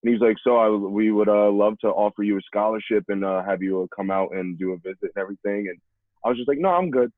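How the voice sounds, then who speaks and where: A man's voice: fairly low pitch, level tone, quick pace, no room sound. A young man from New York telling stories as a podcast guest, acting out the voices of people he quotes. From New York, USA. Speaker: podcast guest, former college running back. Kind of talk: casual storytelling. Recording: tinny phone-like remote line, dry.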